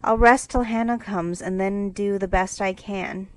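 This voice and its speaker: A woman's voice: medium pitch, steady tone, unhurried, lightly acted, low-quality recording. A woman voicing a genteel, fussy young woman, the tired older sister, in a read-aloud storybook. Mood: fretful.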